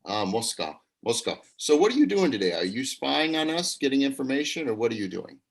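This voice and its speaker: Man, acting teacher, show host, upbeat, quick, laughs a lot, video call. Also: medium pitch, big pitch swings, creaky. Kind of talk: live improv show hosting.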